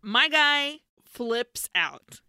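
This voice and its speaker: A woman's voice: on the high side, animated, very slow, pushed and bright, clear, resonant tone, no echo, studio quality. A woman co-hosting a podcast, casually and animatedly retelling a film plot, acting out characters' lines and swearing freely. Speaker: podcast co-host. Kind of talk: casual chat recapping a film.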